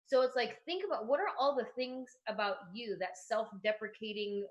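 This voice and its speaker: A woman's voice: fairly high pitch, normal speed. A woman comedian in her thirties, talking casually in an interview and acting out quoted voices as she gives advice. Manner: animated, acts out quoted voices. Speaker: comedian guest.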